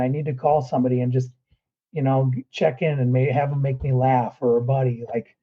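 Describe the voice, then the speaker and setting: A man's voice: medium pitch, little pitch movement, a little fast, phone-quality sound. A man who is a guest performance coach, talking earnestly through breathing steps in a podcast interview.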